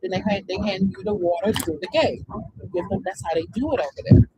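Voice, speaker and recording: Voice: mid-range voice, fairly quick, noisy background. A speaker telling a long story in casual chat, rambling with many fillers.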